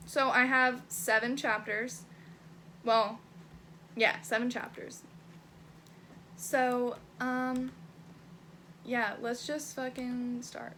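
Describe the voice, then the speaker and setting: Bright, candid young woman vlogger. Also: a little high, a little hiss or hum. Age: young adult. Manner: candid, swears freely, laughs at herself. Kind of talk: casual chat, reading her old writing aloud.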